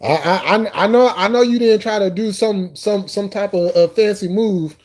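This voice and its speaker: Dude on a live stream cracking up nonstop, cussing, calling out chat folks by name, kinda mellow dark voice. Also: male voice, high voice, moderate pace. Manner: laughs constantly, loose and profane banter; repeats phrases, talks to chat viewers by name.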